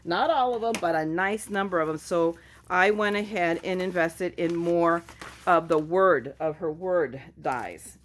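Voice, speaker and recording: A woman's voice: fairly low pitch, measured pace. A woman chatting casually at home in a craft haul video, goofy and self-mocking as she shows her finds. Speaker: craft vlogger.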